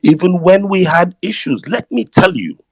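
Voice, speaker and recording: A man's voice: high-pitched, expressive, normal speed, gravelly, no echo. A man with a Nigerian accent co-hosting a live audio chat room, emphatic and sweeping, mixing in pidgin.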